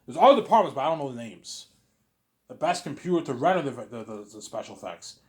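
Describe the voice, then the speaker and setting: A host rambles through a casual monologue about planning an imagined film, repeatedly saying "obviously" and pleading emphatically. His medium-pitched voice is very animated and fast.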